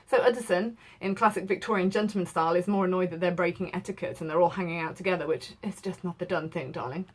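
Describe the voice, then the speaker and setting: A woman teaching literature, reading a novel aloud and explaining it casually, asking listeners to highlight key passages. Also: fast, few pauses.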